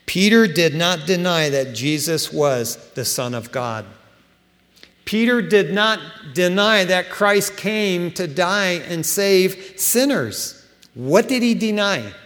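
A man preaching a sermon to his church, animated and conversational, acting out scripture scenes in everyday slang. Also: mid-range voice. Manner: animated preaching, acts out biblical dialogue in casual slang. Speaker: pastor. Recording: long reverb of a large room.

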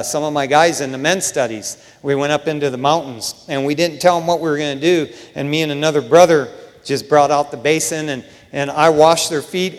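A man preaching a sermon in a casual, joking way, often saying "man", swinging between hushed asides and loud bursts. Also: fairly high pitch. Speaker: pastor. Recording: long hall reverb.

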